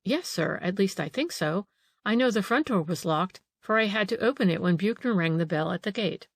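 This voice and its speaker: A woman's voice: mid-range voice, lively intonation, normal speed, no room sound. A woman voicing a frightened middle-aged female housekeeper in an audiobook, anxious and eager to please. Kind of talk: audiobook character reading.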